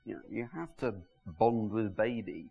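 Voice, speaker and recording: A man's voice: on the low side, moderate pace, creaky, lo-fi sound. A man doing a dry, sardonic stand-up comedy monologue to an audience. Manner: dry, sardonic, deadpan delivery. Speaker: stand-up comedian and show host. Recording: hissy VHS tape rip. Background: audience laughter.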